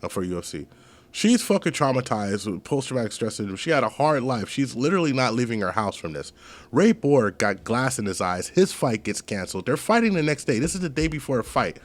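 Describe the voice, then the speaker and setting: A man chatting as a podcast guest, telling stories in an animated, profane way. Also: medium pitch, brisk. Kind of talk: casual podcast chat.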